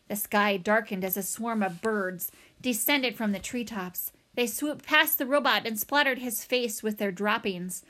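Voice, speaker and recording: A woman narrating a children's novel aloud in an expressive, dramatic way. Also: mid-range voice. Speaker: audiobook reader. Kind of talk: storybook narration.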